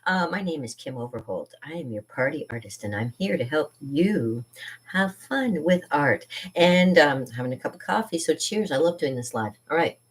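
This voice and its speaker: A woman's voice: low voice, expressive, normal speed. A middle-aged woman hosting a live art stream from her home studio, chatting playfully and rambling with frequent laughs. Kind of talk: casual live-stream chat.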